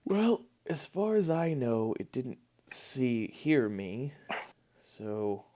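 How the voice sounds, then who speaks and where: A man's voice: medium pitch, very animated, very slow, warm tone. Cautious, matter-of-fact male player. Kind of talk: casual tabletop play.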